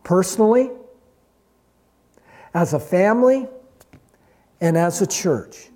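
Slow, emphatic male preacher. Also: animated, mellow. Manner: slow, emphatic preaching that rises high on key words and drops low at phrase ends. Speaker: pastor. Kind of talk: sermon.

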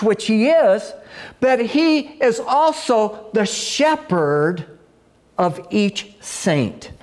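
A man preaching a sermon in a slow, measured way, letting his phrases drop low at the ends. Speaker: pastor.

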